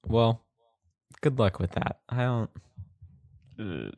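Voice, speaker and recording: A man's voice: fairly low pitch, very animated, slow, darkish tone, dry recording. A young man co-hosting a casual podcast chat, laid-back and rambling. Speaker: podcast co-host.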